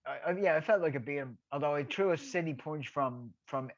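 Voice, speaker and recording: A man's voice: on the high side, brisk, dull audio. A middle-aged Irish man, a guest telling stories in a rambling way, repeating words and laughing at his own tales. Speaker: guest, former boxer. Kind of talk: casual storytelling.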